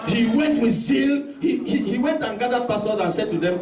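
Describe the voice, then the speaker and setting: A male pastor preaching an impassioned sermon with heavy repetition and shouted declarations. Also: very high-pitched, expressive, moderate pace, crowd noise. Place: church hall. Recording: echoey church hall, mic at a distance, congregation audible.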